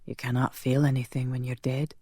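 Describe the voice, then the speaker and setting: A narrator voicing a centuries-old male vampire, low, quiet and grave. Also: level tone, brisk, slightly rough, no room sound, clean studio sound, lightly acted.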